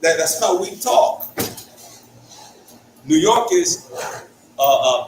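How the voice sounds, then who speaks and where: Young connecticut guy doing bible study, kinda high voice, far from the mic, faint hiss. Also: lively intonation, slow pace, pauses often, roomy sound. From Hartford, Connecticut. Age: young adult. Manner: conversational, peppers points with "right?". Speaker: Bible teacher.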